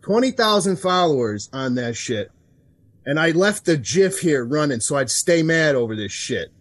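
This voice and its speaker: A man's voice: on the high side, sing-song, normal speed, fairly bright tone. A man on a casual podcast chat as a guest, crass and sardonic, swearing constantly. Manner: sardonic and joking.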